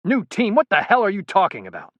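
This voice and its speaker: A man voicing a gruff male military commander who gives clipped, urgent orders. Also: on the high side, expressive, fairly quick, no echo, highs cut off, pitched above the performer's own voice, close to an everyday voice. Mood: exasperated.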